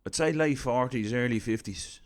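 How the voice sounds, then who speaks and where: A man's voice: mid-range voice, moderate pace, natural voice. Chatty 83-year-old Irishman, flustered and fumbling, as a storyteller puts him on. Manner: flustered, apologetic.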